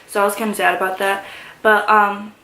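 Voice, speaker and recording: A woman vlogger telling a story in excited, gushing chatter full of fillers. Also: mid-range voice, a little fast, gravelly. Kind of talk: casual story time. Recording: echoey room.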